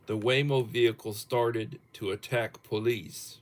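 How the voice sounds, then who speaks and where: Brief: middle-aged man, livestream host, unhurried chuckling delivery, mid-pitched voice. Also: steady tone. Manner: slow, chuckling, reads viewer topics aloud. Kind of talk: casual livestream chat.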